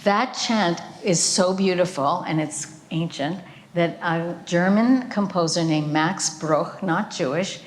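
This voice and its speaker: An older woman, a cellist and guest speaker, telling a personal story with slides at a remembrance event, unhurried and earnest with occasional fillers. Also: low voice, a little hiss or hum. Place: event venue.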